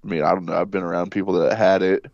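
Congested podcast co-host, low voice, loose and profane, dull dry recording. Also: male voice, little pitch movement, very fast, a little mellow, dry recording. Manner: laid-back, swears a lot. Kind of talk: casual chat.

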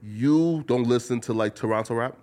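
A man hosts a loose, casual interview at a middling pitch. He rambles through his questions, stacking up filler words as he goes. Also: moderate pace, a little mellow. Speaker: podcast host.

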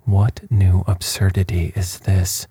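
A man's voice: flat delivery, mellow, slightly rough, no room sound, full character voice. A man reading as an impatient stern prince. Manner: curt, commanding, slow and low. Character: stern proud male prince, short-tempered lord.

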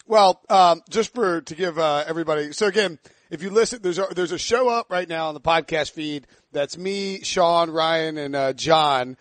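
A man hosting a sports podcast, talking quickly and jokingly and laughing often. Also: a little high, no room sound. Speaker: podcast host. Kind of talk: casual sports podcast chat.

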